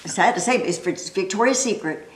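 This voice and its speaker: A middle-aged woman co-preaching a sermon from a church stage, telling stories in an animated way and often laughing. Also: medium pitch, brisk, a little hiss or hum. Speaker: pastor's wife, co-speaker. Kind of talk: lively sermon storytelling. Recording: echoey church hall.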